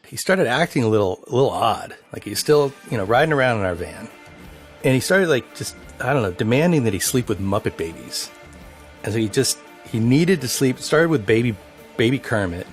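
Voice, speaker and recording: A man tells a crude road story for a documentary, his pitch rising and falling in a lively way. His swearing storytelling runs over faint music behind him. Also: fairly quick. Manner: animated, profane anecdote telling. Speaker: band member.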